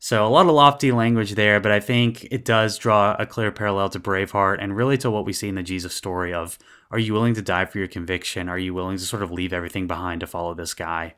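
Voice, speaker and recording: Deep-voiced man hosting a podcast. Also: steady tone, fast, fairly bright tone, clean tone. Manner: earnest, thoughtful, reads quotes aloud. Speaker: podcast host. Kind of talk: casual podcast discussion.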